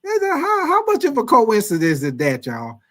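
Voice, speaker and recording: A man hosting a casual sports talk show, reading out viewers' chat comments and answering them in a loose, slangy, chatty way with drawn-out exclamations. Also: extremely high pitch, wildly swooping pitch, fairly bright tone.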